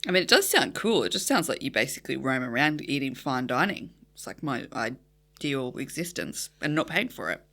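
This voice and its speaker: A woman's voice: rumbling low, very animated, normal speed, a bit bright. A woman with an Australian accent co-hosting a casual book podcast. She is chatty and frank. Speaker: podcast co-host. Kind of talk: casual book-club chat.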